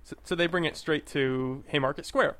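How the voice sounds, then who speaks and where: A man's voice: on the high side, normal speed, a bit bright. A man co-hosting a podcast in casual chat, rambling with hesitations. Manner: rambling, hesitant, lots of fillers and restarts. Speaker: podcast co-host.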